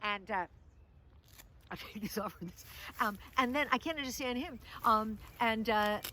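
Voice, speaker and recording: Her voice is a little high, pushed and bright, and she keeps a measured pace. The middle-aged American vlogger and comedian tells a self-deprecating, rambling park story with frequent fillers and restarts, over a little hiss or hum.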